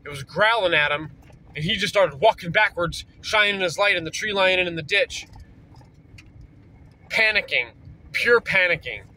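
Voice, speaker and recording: A man's voice: sits high, expressive, normal speed, long pauses, sharp tone, slight background noise, rough recording. Man telling a rambling profane story. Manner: rambling, profane, full of fillers. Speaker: vlogger. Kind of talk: casual storytelling.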